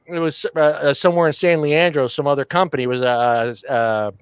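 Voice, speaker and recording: A man hosting a casual online talk show, chatty and quick to laugh. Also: fairly high pitch, steady tone, clear, resonant tone, no room sound. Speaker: podcast host. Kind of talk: casual chat.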